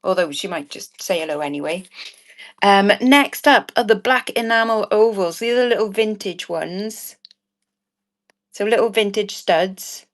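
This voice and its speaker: Woman, mid-pitched, chatty live-stream seller, cheeky and giggly, rambles on. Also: a little slow. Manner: bubbly, rambling, laughs often, cheeky asides. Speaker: live online jewellery auction seller.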